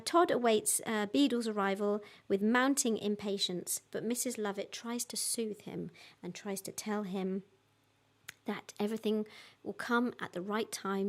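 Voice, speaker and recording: A woman singer hosting an online concert, chatting casually to viewers between songs in a friendly way with many ums and restarts. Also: medium pitch. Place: at home.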